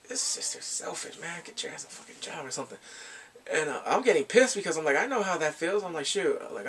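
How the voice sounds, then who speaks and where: A man casually retelling a film's plot as a movie reviewer, animated, laughing often and acting out quotes in squeaky voices. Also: slightly rough, distant mic.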